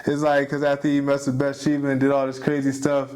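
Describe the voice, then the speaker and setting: A man's voice: mid-range voice, completely flat delivery, fast, darkish tone. A man as a podcast guest talking casually and heartfeltly about his kids, rambling and often adding "you know what I mean". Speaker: podcast guest, jiu-jitsu competitor. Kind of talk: casual conversation.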